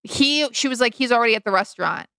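Gravelly bright-voiced woman telling a story. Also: lively intonation, fast talker, no room sound. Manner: chatty, acts out quoted lines with big pitch jumps. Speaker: podcast co-host. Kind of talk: casual storytelling chat.

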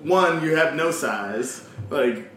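A man's voice: fairly high pitch, lively intonation, slow, a bit bright. A man co-hosting a podcast in easygoing casual chat, chuckling between points. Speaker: podcast co-host. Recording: echoey room, faint noise.

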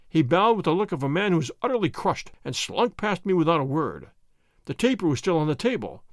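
A man narrates a classic detective tale with lively storytelling. His voice moves animatedly through a fairly high male range. The recording is dry and close. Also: no room sound.

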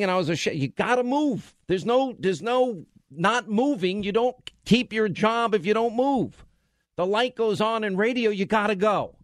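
A man hosting a talk radio show from a studio, ranting in a forceful, exasperated way into a studio mic. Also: high voice, no echo. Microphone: studio microphone.

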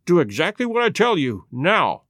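A man reading a story aloud and voicing an eager detective who gives brisk, commanding orders. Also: a little high, sing-song, fairly bright tone, no room sound, studio quality. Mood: urgent. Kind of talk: audiobook reading.

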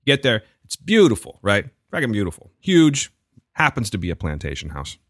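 A man's voice: lowish voice, wildly swooping pitch, normal speed, fairly bright tone, no room sound, clean studio sound. A man hosting a casual chat who sets up improv bits and swears casually. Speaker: podcast host.

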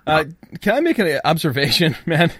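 Man, comedy podcast co-host, higher pitch, very animated, playful rambling, dry close sound. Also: normal speed, slightly rough, dry recording. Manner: playful, rambling, building running gags. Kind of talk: improvised comedy banter.

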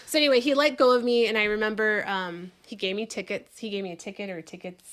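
A woman in her forties telling a story in casual chat, animated and swearing freely as she acts out what people said. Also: medium pitch, quick pace. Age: 40s.

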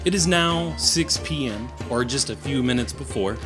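A man running a tabletop game as game master, narrating in a lively, casual, playful way. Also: medium pitch, moderate pace, music in the background.

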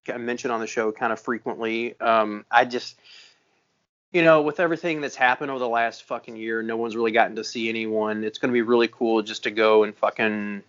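A man co-hosting a podcast in casual chat, relaxed, rambling and profane. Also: medium pitch, brisk, highs cut off. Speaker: podcast co-host.

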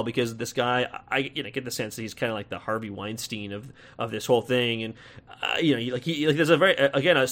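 A man's voice: mid-range voice, fairly bright tone. A man with an American accent giving a casual, rambling film review, full of fillers and restarts, with wry laughs.

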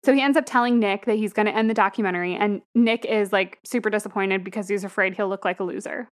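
A young woman co-hosts a podcast, talking fast in a medium-pitched voice as she casually recaps a movie's plot. She laughs a lot while she chats through her review.

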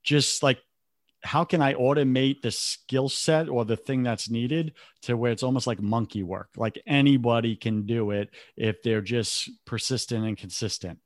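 A man's voice: medium pitch, fairly even intonation, normal speed, no echo, studio quality. A man talking earnestly in short reflective phrases in a casual podcast conversation, as a business coach.

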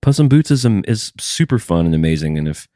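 A man's voice: sits low, very animated, a little fast, dark tone, no echo, clean studio sound. A man co-hosting a casual chat, wry and reflective, posing musing questions. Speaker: podcast co-host.

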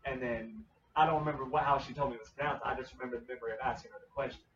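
A man's voice: mid-range voice, steady tone, very fast, a bit bright. Man, casual talker, insistent, restarts often; roomy, off-mic, slightly dull sound. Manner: insistent, repeats himself. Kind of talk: casual chat. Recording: roomy, distant, dull sound with faint noise.

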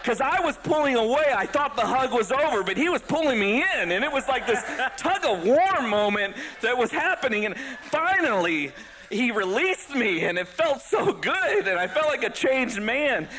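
A man telling a story as a stand-up comedian, animated and laughing between lines. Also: very high-pitched, moderate pace, crowd noise.

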